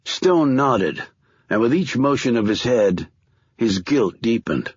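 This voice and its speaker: A husky-voiced man reads a thriller audiobook in a measured, expressive style, his pitch moving a lot across each line. The recording is dry and close, with a slightly dull, lo-fi tone. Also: no room sound. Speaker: audiobook narrator. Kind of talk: scripted thriller narration.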